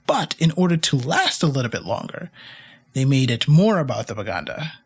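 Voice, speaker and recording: A man's voice: medium pitch, big pitch swings, normal speed, breathy edge. A man hosting a history podcast, telling the story in a casual, wry way with asides to the listeners. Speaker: podcast host.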